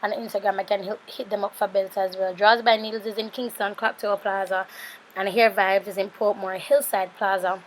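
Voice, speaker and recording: A woman's voice: medium pitch, flat delivery, fairly quick, slight background noise. A woman in her thirties with a Jamaican accent, tired and sleepy, chatting casually through a makeup tutorial voice-over with rambling asides to her viewers. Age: 30s. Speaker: beauty vlogger.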